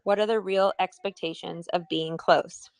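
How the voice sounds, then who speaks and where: A woman's voice: on the low side, steady tone, moderate pace, creaky, no echo. A woman co-hosts a livestream Q&A, relaying viewer questions and spelling out the details plainly, with a light touch of amusement. Her voice sits in the middle of her range, recorded close and dry with no room sound. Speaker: co-host reading community questions. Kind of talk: casual livestream Q&A.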